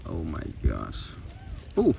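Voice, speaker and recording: A man with filming monkeys outdoors at sunset, chattering in excited, repetitive exclamations. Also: rumbling low, slow pace, creaky. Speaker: wildlife vlogger filming monkeys. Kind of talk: casual live commentary while filming. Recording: distant outdoor camera audio with noise.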